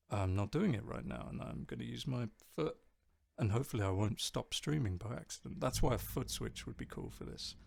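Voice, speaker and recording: A man's voice: on the low side, vocal fry, slight background noise. A man chatting casually on a live stream, reading out viewer comments and rambling jokily about music. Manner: rambling, jokey, reads chat aloud. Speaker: streamer and band bassist.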